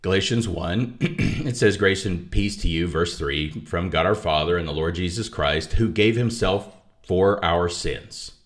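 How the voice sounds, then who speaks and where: A man with a low voice speaks at a measured pace as an author and guest talking about his book. The exchange is a conversational theology discussion, and his manner is thoughtful, with restarts and asides.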